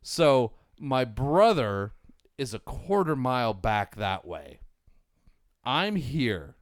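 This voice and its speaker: A man's voice: mid-range voice, slow, no echo. A man in his forties telling a rambling, profane story to friends on a podcast, on a close mic. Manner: rambling, profane, animated anecdote teller. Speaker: podcast co-host. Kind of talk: casual storytelling among friends.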